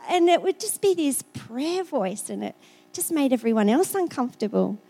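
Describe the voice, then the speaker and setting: A high-pitched middle-aged woman with an Australian accent delivers a sermon. She talks the way she would chat to friends, telling stories and sometimes repeating words as she thinks. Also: animated, normal speed, warm tone. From South Australia. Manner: conversational, storytelling, repeats words. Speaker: preacher.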